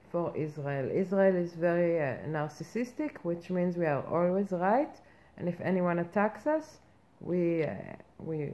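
A woman's voice: fairly low pitch, warm tone. A woman playing a brash, self-important female reporter persona in a satirical comic monologue, ranting in a mock-earnest way with outraged questions. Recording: muffled lo-fi recording with faint background noise.

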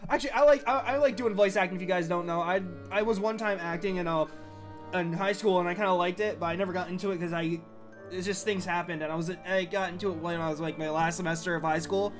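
Excitable young guy doing gameplay commentary, jokey, stumbly. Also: high-pitched, fast talker, over music. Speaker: let's player.

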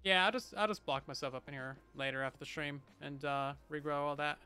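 A man's voice: a little high, steady tone, fairly quick, sharp tone, clear, resonant tone, faint music behind. A man chatting casually and playfully to his viewers while he plays a game on a livestream, with bursts of mock panic. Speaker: streamer. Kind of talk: casual gameplay livestream chat.

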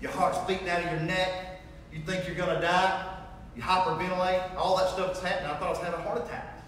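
A man giving a sermon testimony, telling his story in an animated way and acting out the dialogue. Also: high-pitched, fast talker, slight background noise. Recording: echoey hall, mic far off.

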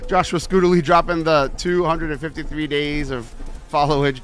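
A man's voice: on the high side, fairly quick, fairly bright tone. A man streaming a truck-driving game, chatting with viewers and yelping at near misses. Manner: greets chat viewers by name. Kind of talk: live-stream gameplay commentary.

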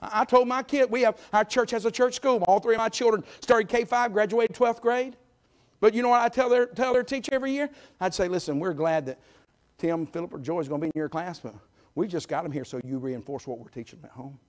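A middle-aged man preaching a sermon in a church, folksy and emphatic, swinging between loud calls and quiet asides. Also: high-pitched, fast talker. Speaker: guest preacher. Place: church sanctuary.

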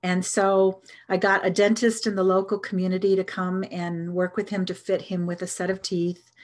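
Earnest woman telling a personal story. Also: fairly low pitch. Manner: earnest, reflective, with hesitant restarts. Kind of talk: storytelling talk.

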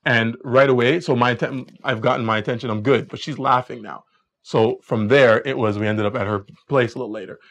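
A young man coaching a room full of guys on dating, talking fast and loose with plenty of energy. His voice sits in an ordinary middle range, and he jumps up into higher, sillier voices whenever he quotes someone. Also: fairly even intonation, fairly bright tone. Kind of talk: live dating lecture.

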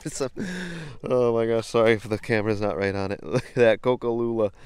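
A man's voice: fairly low pitch, normal speed, darkish tone, slight background noise. Chatty man in a creek. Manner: chatty, easily delighted, laughs often. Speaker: vlogger bottle hunting in a creek. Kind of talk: casual narration to camera. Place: outdoors in a creek. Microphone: handheld camera.

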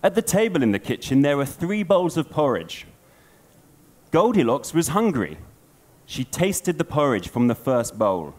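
A man giving a storytelling conference talk, an animated storyteller. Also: fairly high pitch, measured pace. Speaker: conference speaker.

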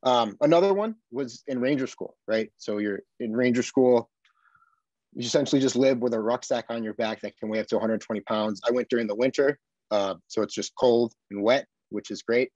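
A man's voice: medium pitch, brisk, no echo. Earnest man telling stories, dull dry sound. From Buffalo, USA. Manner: earnest, animated storytelling with frequent tag questions. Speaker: podcast guest, army veteran. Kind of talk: casual conversation.

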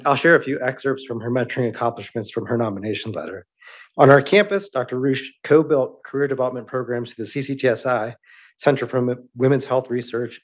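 Halting man hosting an awards session. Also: medium pitch, lo-fi sound. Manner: halting, with frequent ums and restarts. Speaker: event host announcing awards. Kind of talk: academic awards presentation.

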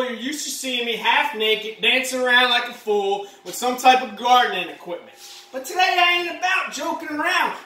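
A woman playing a boastful, rambling male ex-Marine patriot dad in a comedy monologue, shouting one moment and muttering the next. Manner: boastful, rambling, shouts then drops low. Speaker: comedy vlogger. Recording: roomy echo, mic at a distance.

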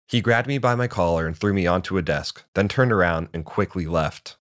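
Deep-voiced male storyteller. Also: brisk, few pauses, no echo, studio quality. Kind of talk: first-person storybook narration.

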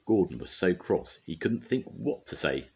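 An older man, a grandfather, reading a children's storybook aloud in a gentle, expressive way. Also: deep voice, normal speed, vocal fry, breathy edge, lo-fi sound.

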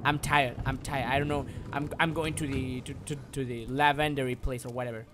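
A man's voice: mid-range voice, little pitch movement, fairly quick. A man streaming live gameplay, frustrated, swearing and repeating himself as he talks through the game.

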